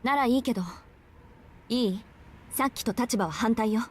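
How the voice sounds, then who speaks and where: A woman voicing a brisk, bossy young heroine. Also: fairly high pitch, lightly acted. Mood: scolding. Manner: brisk, scolding. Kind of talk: visual novel voice acting.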